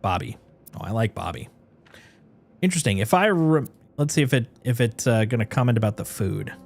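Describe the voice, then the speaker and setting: A man's voice: mid-range voice, brisk, vocal fry. A man streaming a game, chatting casually as he plays and reading in-game notes aloud. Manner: animated, thinks aloud and reads game notes aloud. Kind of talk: casual gameplay commentary.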